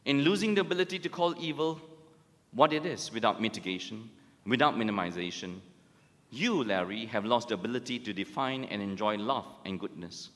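Emphatic preacher with a lively voice. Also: male voice, fairly quick. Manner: emphatic, rhetorical questions, rises and drops in pitch. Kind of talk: sermon. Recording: long hall reverb.

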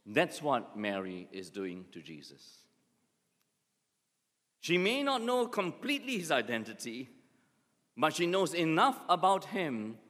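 A man preaching a sermon as pastor, telling stories with lively acted asides. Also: on the high side. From Singapore. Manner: animated storytelling with acted asides. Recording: long hall reverb.

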